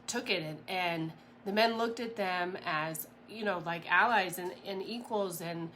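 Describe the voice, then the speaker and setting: With slight background noise behind her, a woman with a lowish voice delivers an informal motivational talk as a mindset coach. She's animated and talkative, wandering along with filler words and brief bursts of laughter.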